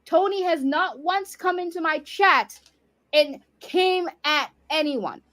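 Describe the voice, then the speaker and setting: High-voiced woman on a heated stream rant. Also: animated, takes it slowly, a bit bright. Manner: heated, swearing, confrontational. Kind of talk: livestream rant.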